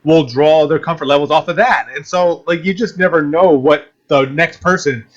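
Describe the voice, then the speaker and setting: A man with a fairly high voice hosting a casual discussion. He rambles and gropes for words, circling back with many fillers and restarts. The recording sounds dull and lo-fi. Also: moderate pace. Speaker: podcast host.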